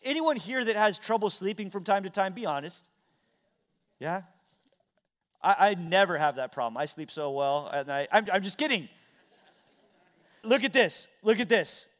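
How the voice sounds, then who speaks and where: A middle-aged male pastor preaching a sermon in a church, earnest, dropping to hushed tones and rising to loud exclamations. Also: sits high, lively intonation, normal speed, pauses often. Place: church sanctuary.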